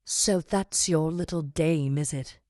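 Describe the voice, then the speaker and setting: A woman voicing a large, scheming middle-aged man in an audiobook, unctuous and measured as he persuades. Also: lowish voice, darkish tone, dry recording, studio quality, natural voice. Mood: menacing. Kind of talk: audiobook character reading.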